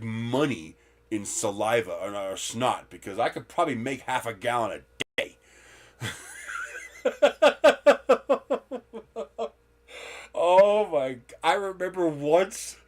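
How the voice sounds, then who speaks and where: A man hosting a live stream, chatting candidly and rambling from topic to topic, with the occasional swear. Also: a little high. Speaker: livestream host. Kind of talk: casual live-stream chat.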